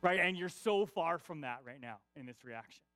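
A male pastor with a high voice gives a casual, conversational sermon, checking in with his listeners again and again. He repeats his main points for emphasis, and the sound is dry, with no room echo. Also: expressive, moderate pace, fairly bright tone. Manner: peppers points with "right?" tag questions; repeats key lines for emphasis.

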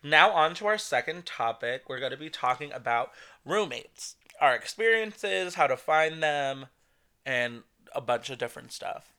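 A man's voice: a little high, lively intonation, measured pace, pushed and bright, clear, resonant tone. A young man co-hosting a casual podcast chat, telling stories animatedly and acting out other people's voices. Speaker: podcast co-host.

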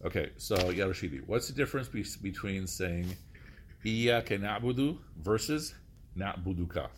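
A man's voice: on the low side, lively intonation, rapid-fire, a little hiss or hum. A male teacher giving a classroom lecture, explaining step by step, often saying "okay" and quizzing his students with questions.

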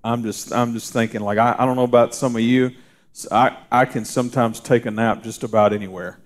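A middle-aged man preaching in a loose, folksy way, full of "you know" and restarts. His voice sits in an ordinary middle range. Now and then he softens into a hushed, reassuring tone. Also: medium pitch, fairly even intonation, fairly quick. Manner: folksy storytelling with frequent fillers and restarts; drops to a soft, hushed voice for reassurance. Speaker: pastor. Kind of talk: conversational sermon.

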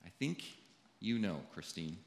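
A man, a pastor, giving a funeral sermon in a slow, deliberate delivery with long pauses. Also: deep voice, lively intonation, creaky. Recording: echoey hall with long reverb.

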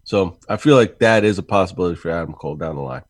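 Low-voiced man in easy chat. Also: animated, fast, no room sound. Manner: easygoing, explains points at length. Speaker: podcast co-host. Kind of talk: casual chat.

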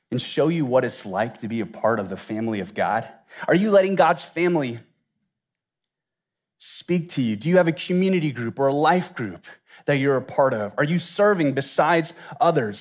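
A man from Louisiana, preaching an earnest sermon and asking the listeners many reflective questions. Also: mid-range voice. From Louisiana, USA. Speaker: pastor.

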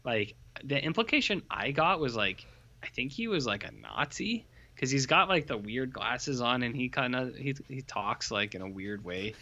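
A man in casual podcast chat, rambling through his thoughts with lots of "like" and sardonic asides. His voice sits at an average pitch. The recording is a bit dull and lo-fi. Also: animated, normal speed, sharp tone. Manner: rambling, filler-heavy, sardonic. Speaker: podcast co-host.

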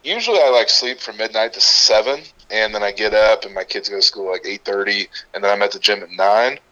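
Middle-aged gym owner guy, bright forceful tone, cussing and rambling, kinda muffled recording. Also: fairly low pitch. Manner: laid-back, swears freely, drawn-out storytelling. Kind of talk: casual podcast chat. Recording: muffled lo-fi audio.

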